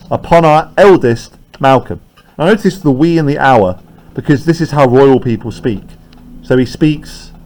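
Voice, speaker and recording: A man's voice: fairly high pitch, a little mellow. A man teaching a class, explaining lines of a play and often checking in with "right?".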